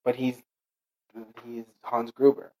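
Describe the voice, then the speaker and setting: A man from Portugal chatting casually, swearing now and then and slipping into quick put-on voices while telling stories. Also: medium pitch, flat delivery, warm tone, low-quality recording. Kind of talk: casual chat.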